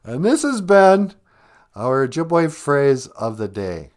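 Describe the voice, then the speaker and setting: A man's voice: a little high, sing-song, darkish tone. Playful Minnesotan man in his fifties. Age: 50s. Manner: playful, laughing, drawls phrases out slowly. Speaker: podcast host. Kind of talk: casual comedic podcast chat.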